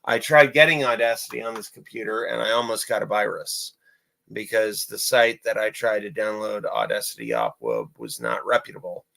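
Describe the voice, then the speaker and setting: A man's voice: on the low side, lively intonation, moderate pace, creaky, bright, forceful tone, low-quality recording. A young man talking casually in a vlog about his writing and animation work, rambling and repeating himself with many fillers. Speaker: amateur animator and writer.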